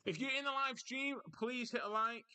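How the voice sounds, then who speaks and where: Male livestream host, bright and crisp tone, casual rambling chat with viewers. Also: very high-pitched, steady tone, normal speed. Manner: chatty, reads out viewer comments and answers them.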